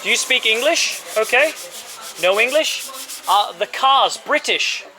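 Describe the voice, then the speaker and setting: A man filming a casual travel vlog outdoors at a street-side car yard, chatty and upbeat, speaking slowly and simply when he talks to locals. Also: very high-pitched, lively intonation, pushed and bright. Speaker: travel vlogger. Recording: outdoor street noise and passing traffic.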